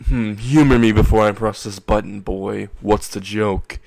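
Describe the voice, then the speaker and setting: A man voicing a smug adult male villain in a fan-made anime story, gloating through slow, drawn-out threats. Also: fairly low pitch, fairly even intonation, vocal fry, a little mellow, no echo. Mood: menacing.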